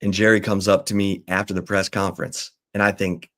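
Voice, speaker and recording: Talk-show host, male, lower register, anecdotal storyteller who mimics the people he quotes. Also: flat delivery, fairly quick, a bit bright. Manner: acts out quoted people in changing voices. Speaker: sports talk host and former reporter. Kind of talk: animated storytelling.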